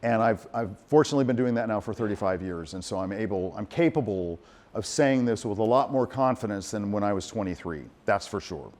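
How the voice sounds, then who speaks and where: A middle-aged man, a composer giving a lecture, telling stories in a lively, animated way, acting out quotes and restarting his sentences. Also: lowish voice, fairly quick. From United States. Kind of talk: lecture with audience Q&A.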